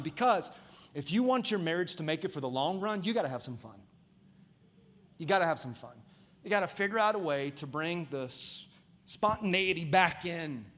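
Male pastor, high-pitched, animated and joking, live sermon to a church crowd. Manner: animated and conversational, jokes with the congregation. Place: church auditorium before a congregation.

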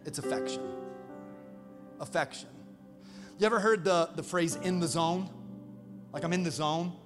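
A man in his thirties preaching a sermon as pastor, energetic and animated, calling out to the congregation. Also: high voice, normal speed. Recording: reverberant hall, faint music behind.

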